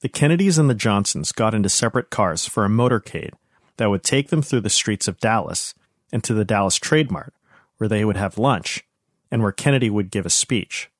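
A man narrating a history podcast as host, in a measured, even storytelling manner. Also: fairly low pitch, no room sound, studio quality.

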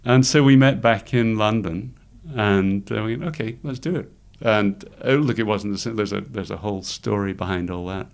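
A middle-aged man, telling lively stories as an interview guest and laughing often. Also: fairly low pitch, moderate pace, creaky, few pauses, clear, resonant tone. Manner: animated anecdotes, laughs often, acts out quoted voices. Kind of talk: storytelling in conversation.

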